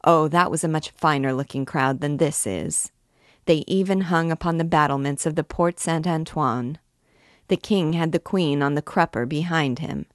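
A woman's voice: low voice, no echo, studio quality. A woman reading aloud as a chatty old noble mother who rambles on, reminiscing.

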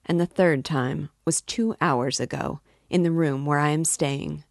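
A sly middle-aged landowner, read by a woman rambles in a confiding, oddly offhand way. The voice sits low and moves slowly. The sound is dry and close. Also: dry recording. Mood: musing. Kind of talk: reading a novel aloud.

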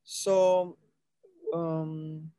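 Guy teaching a voice class, unhurried, keeps asking right?, dry close sound. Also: on the high side, little pitch movement, warm tone, clear, resonant tone, no room sound. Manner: patient, checks in often with "right?". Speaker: voice coach. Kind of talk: live online voice class.

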